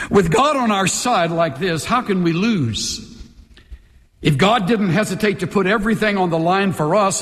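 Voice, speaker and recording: A man's voice: sits high, in a large hall. A man preaching a sermon as pastor, impassioned and emphatic, leading the congregation in call-and-response in a church. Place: church sanctuary.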